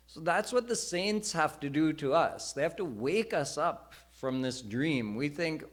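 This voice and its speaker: A male senior preacher delivers a live sermon in a slow, deliberate way. His voice sits at a middle pitch and he explains each point with care. He moves between teaching and storytelling at an unhurried pace. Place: temple hall.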